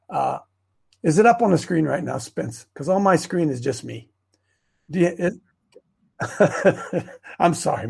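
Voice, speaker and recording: Rambling livestream host, gravelly male voice a bit high, talking off the cuff to his group on a webcam. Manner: rambling, excitable, self-interrupting. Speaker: host of a preparedness group show. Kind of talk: rambling casual livestream talk. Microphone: webcam on a wobbly stand.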